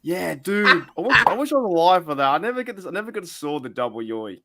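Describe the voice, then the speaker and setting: A man's voice: high voice, sing-song, fast talker, pushed and bright. A man hosting a casual sports podcast, rambling and often repeating his words. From Australia. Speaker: podcast host.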